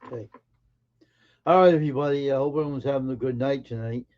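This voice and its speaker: A man's voice: medium pitch, fast, highs cut off. A man hosting a live stream in casual chat, greeting viewers by name and teasing them in an offhand way.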